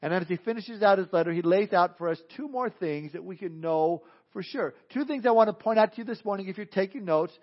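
A man's voice: high voice, lively intonation, a little fast, hardly any pauses. A male pastor preaching a sermon in a folksy, joking storytelling manner, reading scripture and leading prayer. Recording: dull lo-fi recording.

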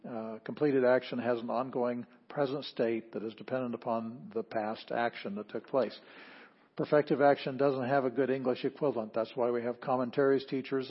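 A man teaching a Greek grammar class, explaining plainly and leading students through a slow read-aloud. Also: medium pitch, breathy edge. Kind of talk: classroom lecture. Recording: dull lo-fi classroom recording.

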